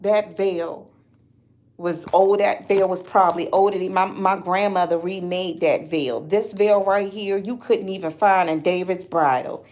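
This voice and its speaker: A woman's voice: fairly low pitch, steady tone, unhurried, darkish tone. A woman talking in an upset, rambling vlog, often stopping and restarting her sentences. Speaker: vlogger. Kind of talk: emotional personal vlog.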